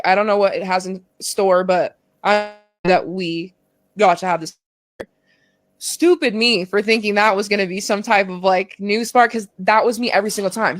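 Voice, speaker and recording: A woman's voice: mid-range voice, no echo. A woman in her twenties, a pro athlete guest on a podcast, telling a personal story candidly with lots of "like" and swearing. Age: 20s. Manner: candid, profane, fillers of "like", emotional retelling. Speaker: guest, pro soccer player.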